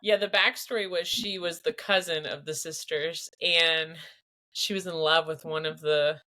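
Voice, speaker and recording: A woman's voice: low-pitched, steady tone, measured pace, bright, forceful tone. A woman hosting a podcast interview, talking in an enthusiastic, chatty way. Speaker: podcast host. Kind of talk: casual interview.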